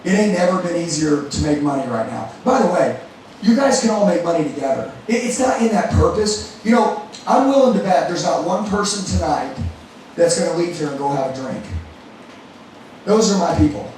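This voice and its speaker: A man's voice: fairly high pitch, expressive, normal speed, a little mellow, slight background noise. Blunt, fired-up man in an echoey room. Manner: blunt and profane, rallying the room. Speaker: event host speaking to a group. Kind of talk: fired-up motivational talk. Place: indoor meetup room. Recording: echoey room, mic far off.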